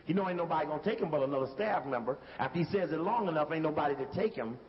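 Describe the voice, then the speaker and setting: A man's voice: fairly high pitch, fast talker, hardly any pauses. Man, emphatic lecturer, commentary over footage, repeats himself, echoing hall, dull lo-fi sound. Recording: dull recording from a hall with faint hiss.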